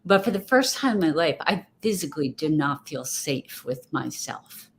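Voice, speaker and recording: A woman with a low voice talks in a loose, reflective way, often circling back and restarting her thoughts as an interview guest. There is a faint hiss in the background. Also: animated, normal speed. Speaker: guest speaker. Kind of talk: casual interview chat.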